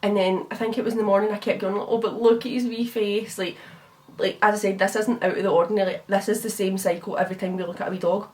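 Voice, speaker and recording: A chatty Scottish woman in her twenties tells a long story at a quick clip while putting on makeup. She swears freely and fills her speech with casual asides. Her voice sits a little away from the microphone. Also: mid-range voice, little pitch movement, darkish tone, far from the mic. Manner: chatty, swearing, lots of fillers. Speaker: beauty vlogger.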